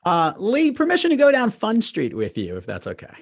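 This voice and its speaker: A man's voice: sits high, huge pitch swings, brisk, gravelly. A man hosting a podcast interview in a playful, upbeat, jokey way. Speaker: podcast host. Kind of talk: casual interview chat.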